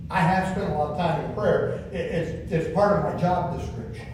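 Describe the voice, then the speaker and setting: A man's voice: high voice, steady tone, moderate pace, noisy background. A man preaching a folksy sermon as pastor, repeating words and asking the congregation questions. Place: church sanctuary. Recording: very echoey room, distant from the mic.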